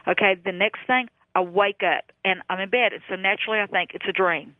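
A woman, a psychic guest on a phone-in radio interview, telling her stories in an earnest, folksy way while her voice is going hoarse. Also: mid-range voice, brisk, no echo. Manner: animated storyteller, earnest and folksy. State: losing her voice. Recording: tinny phone line.

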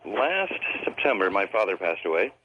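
A man calling in to a radio show, telling a personal story haltingly with many fillers. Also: low-pitched, sing-song, noisy background. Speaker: caller. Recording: muffled phone line.

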